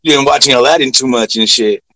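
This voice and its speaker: A man chatting casually, relaxed and a bit hesitant, with casual swearing. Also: medium pitch, fast talker, no room sound, poor audio. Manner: laid-back, profane, hesitant. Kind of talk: casual chat.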